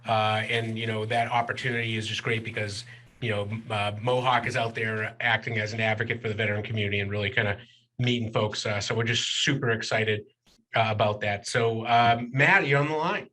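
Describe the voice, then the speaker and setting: A man's voice: fairly low pitch, fairly even intonation, a little fast, sharp tone. A man hosting a casual radio interview show, upbeat and chatty with many filler uhs. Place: studio in New York state.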